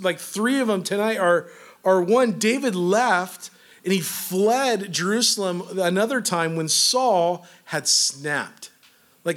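A man's voice: high voice, a bit bright. A man preaching a sermon in a conversational way, reading scripture and often saying "like". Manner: conversational, peppered with "like".

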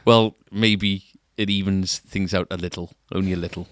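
This man co-hosts a casual podcast for a guitar shop where he works, speaking in a low voice with fairly even intonation at a moderate pace. His chat is rambling and easygoing, full of easy laughter. The recording is clean studio sound with no room echo.

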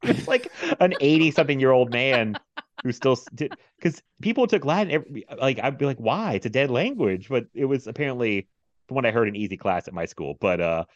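A man hosting a casual movie podcast, telling stories with laughter and animated bursts. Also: mid-range voice, fairly quick, dry recording. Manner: animated storyteller, laughs often. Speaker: podcast host. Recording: dry, slightly dull sound.

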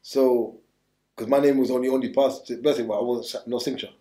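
A man's voice: mid-range voice, steady tone, fast talker, mellow, reverberant. A man telling his story bluntly in street slang during an interview, rambling and restarting as he goes. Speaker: interview guest.

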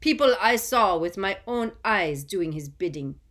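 A woman's voice: medium pitch, expressive, unhurried, fairly bright tone, voice pushed up. A woman voicing a frightened, unctuous middle-aged male prisoner pleading before a council in a storybook reading. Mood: breathless, eager.

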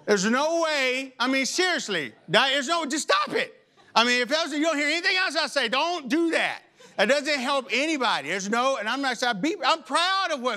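A male pastor preaching a sermon in an animated, humorous and exhorting way. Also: very high-pitched.

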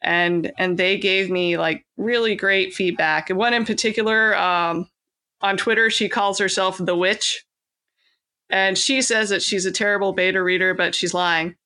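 Bright-voiced chatty woman author. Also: medium pitch, steady tone, unhurried. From California. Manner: chatty, laughing, many fillers and restarts. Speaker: author guest. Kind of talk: casual interview chat.

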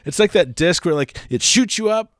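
A man's voice: high-pitched, animated, normal speed, no echo, studio quality. A man telling a funny story in a casual chat, laughing as he goes.

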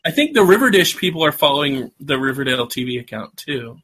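Bright, lively man co-hosting a podcast. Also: medium pitch, fast. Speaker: podcast co-host. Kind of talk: casual podcast chat.

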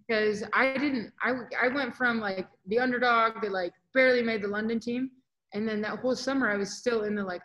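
A woman's voice: fairly high pitch, a little fast, poor audio. Chatty young woman telling stories. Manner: animated, chatty, acts out quotes. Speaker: volleyball player guest. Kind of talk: casual interview storytelling.

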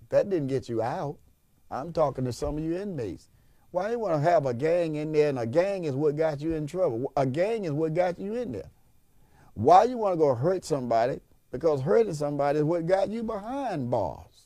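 Male preacher, emphatic, repeats himself, fairly high voice, dry sound. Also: mellow, no room sound. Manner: emphatic, repetitive, rhetorical questions. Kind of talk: sermon.

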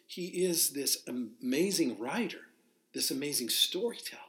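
A man's voice: medium pitch, very animated, normal speed, fairly bright tone, roomy sound. A man teaching verse by verse from the Bible as a pastor, in a conversational, unscripted way, often restarting his sentences. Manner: conversational, restarts and fillers, spells out Greek words. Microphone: live broadcast to listeners.

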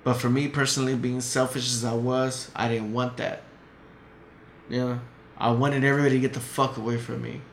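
A man's voice: medium pitch, flat delivery, fairly quick. A man telling a story in casual chat as a podcast guest, blunt and heated, swearing often. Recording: echoey room, faint noise.

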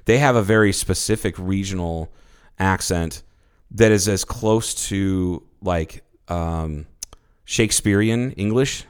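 A man co-hosting a podcast, chatting casually with animated, profane, rambling enthusiasm. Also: sits low, slow, clear, resonant tone. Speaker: podcast co-host. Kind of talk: casual chat.

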